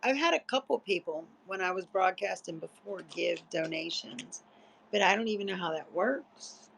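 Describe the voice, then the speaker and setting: Sleepy, gravelly woman chatting on a livestream. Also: on the low side, moderate pace, fairly bright tone, a little hiss or hum, low-quality recording. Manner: chatty, rambling, salty and profane. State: sleepy, yawning. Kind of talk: casual late-night livestream chat.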